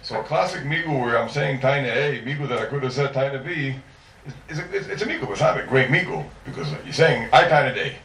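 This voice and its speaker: A man lectures a Talmud class and argues through cases with rhetorical questions. His voice sits at an ordinary pitch. He is heard from some distance in a roomy, echoing space with faint background noise. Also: fast talker. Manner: lively, rhetorical questions, mixes Hebrew and Aramaic terms. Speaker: Talmud teacher. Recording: roomy echo, mic far off, faint noise.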